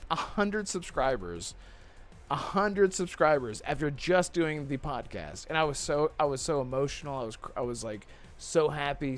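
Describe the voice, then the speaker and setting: A man with a somewhat high voice hosting a casual gaming podcast. He talks in an earnest, thankful way, swears easily, and reads out messages from his viewers. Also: a bit bright. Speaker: podcast host.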